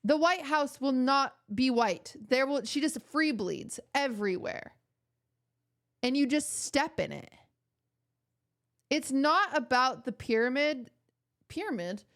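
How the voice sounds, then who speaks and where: Young adult female streamer, casual joking chat with viewers, slightly high pitch. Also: expressive, takes it slowly, pauses often, a bit bright. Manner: joking, rambling, mock-outraged.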